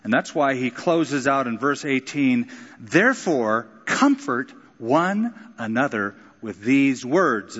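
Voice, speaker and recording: A pastor preaching a sermon, vivid and expressive, acting out quotes with sudden jumps in pitch. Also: male voice, big-room sound, dull audio.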